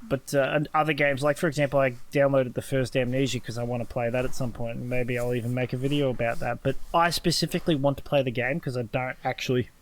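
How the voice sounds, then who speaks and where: A man's voice: mid-range voice, fairly even intonation, fast, hardly any pauses. A young Australian man co-hosting a casual podcast, rambling and teasing with frequent restarts. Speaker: podcast co-host. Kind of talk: casual chat.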